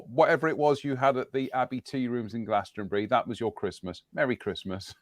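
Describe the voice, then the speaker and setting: A man hosting a casual live-stream chat from a home studio, his voice a bit croaky tonight, talking in a rambling, jokey way. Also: medium pitch, steady tone, fairly quick, hardly any pauses, dry recording. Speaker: host.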